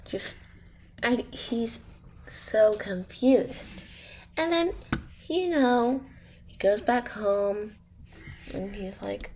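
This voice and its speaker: Slow, rambling woman telling a story. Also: on the high side, darkish tone, a little hiss or hum. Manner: rambling, easily sidetracked, many fillers. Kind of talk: casual spoken storytelling over gameplay.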